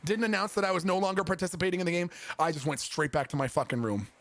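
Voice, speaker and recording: A man's voice: sits high, racing, fairly bright tone. A young man, a streamer, telling a funny story in a casual, profane, self-mocking way.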